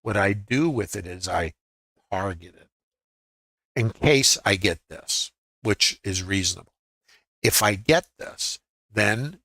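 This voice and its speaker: In poor, dry audio, a sixty-something man who educates people on futures trading delivers live commentary with a fairly low, sharp voice. He thinks out loud, asks rhetorical questions, speaks conversationally, and keeps checking whether viewers follow along.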